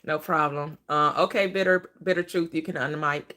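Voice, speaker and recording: A woman's voice: deep voice, fairly even intonation, moderate pace, sharp tone. A woman hosting a casual live stream, blunt and laughing as she talks back to her chat.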